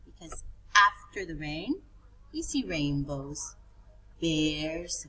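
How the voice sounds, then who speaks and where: Woman teaching tiny kids, sing-songy up and down, kinda breathy, lowish voice. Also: very animated, fairly bright tone, poor audio. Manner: slow, sing-song and pointing things out. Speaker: preschool teacher. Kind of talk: teaching young children.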